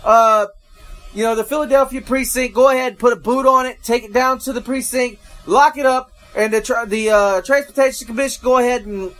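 A man playing an angry Philadelphia local who loudly scolds outsiders, ranting with curses in a mock northern accent. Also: extremely high pitch, steady tone, brisk. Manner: loud, profane, ranting.

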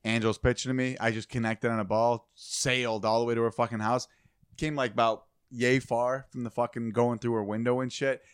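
A man's voice: medium pitch, little pitch movement, fairly quick, clear, resonant tone, dry recording, clean studio sound. A man in his thirties co-hosting a podcast, telling stories in casual chat with lots of swearing and laughter. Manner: profane, laughing storyteller. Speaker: podcast co-host. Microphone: studio mic.

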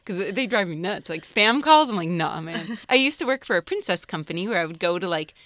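A woman voice actor chatting in an interview, bubbly and animated, laughing often. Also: mid-range voice, quick pace, dry recording, clean studio sound. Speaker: voice actor guest. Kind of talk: casual interview chat.

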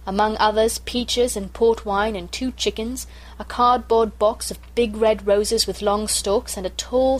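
A woman narrating a classic children's story in a measured, clear storytelling manner. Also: medium pitch, poor audio.

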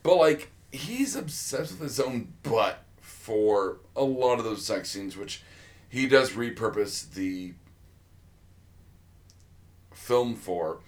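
This podcast co-host is a man whose lowish voice is animated yet slow, broken by long pauses. His casual chat wanders, packed with fillers and false starts.

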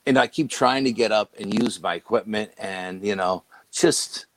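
Low-voiced man telling a story in dry sound. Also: normal speed, no room sound, poor audio. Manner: animated retelling that quotes dialogue with "I go" and "she goes". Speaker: guest recounting a paranormal investigation. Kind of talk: casual spoken storytelling.

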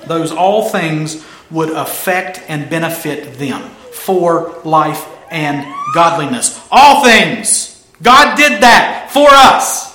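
A man's voice: sits high, bright, forceful tone, echoey room. A man preaching a sermon, stressing and repeating his key phrases with emphasis.

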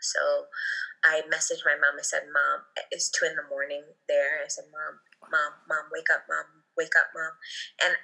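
Woman, casual storytelling, emotional, quotes dialogue, bright tone. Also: sits low, vocal fry, poor audio. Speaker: guest.

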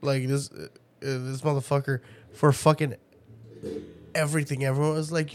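A man's voice: mid-range voice, flat delivery, normal speed. A young man in casual chat, telling profane family stories and laughing often.

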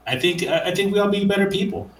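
A man's voice: high-pitched, quick pace, reverberant, rough recording. A man hosting a casual conversation, enthusiastic and rambling, with frequent hesitations.

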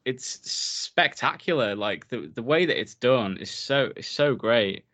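A man's voice: medium pitch, expressive, a little slow, a bit bright. A man in his thirties co-hosting a casual film podcast, enthusiastic and rambling with lots of fillers. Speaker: podcast co-host.

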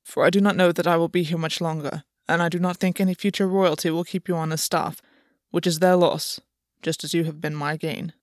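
A woman's voice: lowish voice, fairly even intonation, a little fast, no room sound, studio quality, close to an everyday voice. A woman reading a stoic, formal fae lord. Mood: solemn. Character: proud, weary male fae lord, reserved.

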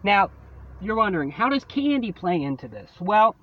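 A man's voice: high voice, very animated, normal speed, muffled recording. Profane, fed-up man venting. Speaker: podcast host. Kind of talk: angry solo podcast rant.

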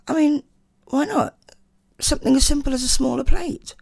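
An older woman hosting a radio show, chatting casually and reading listener messages, her voice a bit hoarse from a chest infection. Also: moderate pace, no room sound, studio quality. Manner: chatty and animated, swooping pitch. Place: radio studio.

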